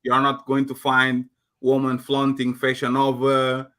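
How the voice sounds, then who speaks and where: A man from Portugal with a Portuguese accent, talking animatedly as a guest on a panel discussion. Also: unhurried. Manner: animated, acts out quotes in high voices.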